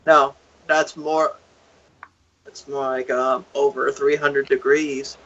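A man's voice: medium pitch, little pitch movement, takes it slowly, a bit bright. Upbeat man, lo-fi sound. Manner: upbeat, joking. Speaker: podcast co-host. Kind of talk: casual podcast chat.

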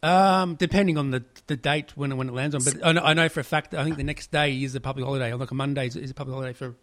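A man's voice: medium pitch, steady tone, racing, dry recording. A man hosting a podcast, friendly and welcoming guests in casual chat. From Australia. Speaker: podcast host.

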